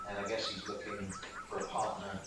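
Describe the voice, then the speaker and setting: Hesitant low-voiced player, roomy and distant. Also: male voice, completely flat delivery, brisk. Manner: hesitant, many ums and restarts. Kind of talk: describing his character's actions. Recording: roomy distant mic with background noise.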